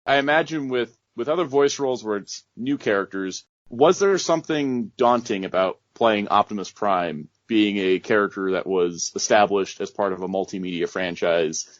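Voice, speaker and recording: Male interviewer, measured halting questions, lowish voice, lo-fi recording. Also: no room sound. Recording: dull dry lo-fi audio.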